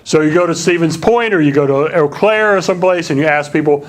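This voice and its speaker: A middle-aged man giving a relaxed public lecture, full of ums and questions for the audience. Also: on the high side, fairly quick, few pauses. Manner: relaxed, many fillers, asks the audience questions.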